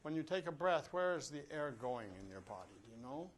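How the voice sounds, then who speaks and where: Lively older man coaching a class. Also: on the high side, brisk, a little hiss or hum. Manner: lively, joking, coaching a group through breathing exercises. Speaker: brass clinician teaching a master class. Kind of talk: live master class instruction to students. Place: classroom or rehearsal room with a live audience.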